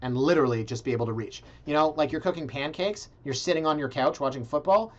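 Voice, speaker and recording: A man hosting a casual video, reviewing condo listings in a sarcastic, animated way and talking straight to his viewers. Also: a little high, quick pace. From Canada. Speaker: realtor and video blog host. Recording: slightly dull, lo-fi sound.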